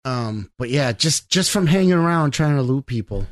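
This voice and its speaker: A man's voice: medium pitch, animated, moderate pace, dry recording, studio quality. A man in casual chat, animatedly telling stories about a video game and acting out his own reactions, swearing freely. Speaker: gamer.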